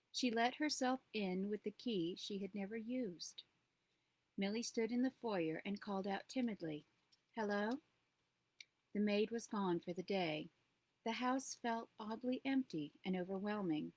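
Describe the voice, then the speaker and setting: A woman narrates her own book aloud. Her pitch sits in the middle range, and her delivery stays steady and measured. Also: rough recording. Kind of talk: audiobook reading.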